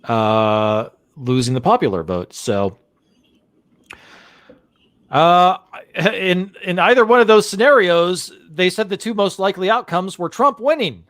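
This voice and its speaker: A man's voice: sits high, a little slow, a bit bright, no room sound. A male host reading an article aloud on a live chat show and reacting to it with rising indignation, rambling and restarting as he thinks aloud. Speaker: podcast host.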